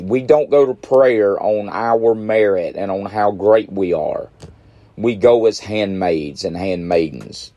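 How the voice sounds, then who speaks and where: A man's voice: fairly low pitch, takes it slowly, dark tone, no echo, muffled recording. A middle-aged man preaching a midweek sermon, emphatic and repeating phrases for stress.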